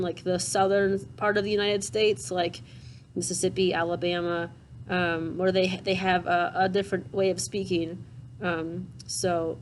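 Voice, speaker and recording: A woman reading a classic children's storybook aloud, pausing to explain things to young listeners in a gentle, chatty way. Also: mid-range voice, a little hiss or hum, rough recording. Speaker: storybook reader.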